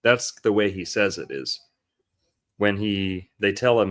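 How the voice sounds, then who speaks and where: A man's voice: lowish voice, unhurried, fairly bright tone. A man hosting a podcast, talking through a film in a loose, rambling and profane way. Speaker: podcast host. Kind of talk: casual film-analysis chat.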